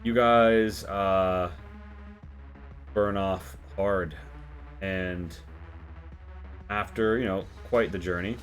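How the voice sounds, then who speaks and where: A man narrating a tabletop role-playing game as game master, relaxed with many fillers. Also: sits low, extremely slow, pauses often, soft background music.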